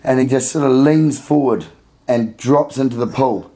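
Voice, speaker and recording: A man's voice: mid-range voice, normal speed. A man telling a funny story in casual conversation, laughing and acting out the people in it. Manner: animated, laughing storyteller who acts out voices. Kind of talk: casual storytelling in a podcast chat.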